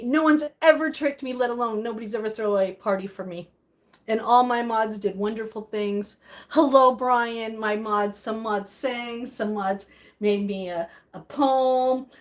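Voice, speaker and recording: A middle-aged woman live streaming in casual chat, reading and reacting to viewer comments, emotional and quick to laugh. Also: on the high side.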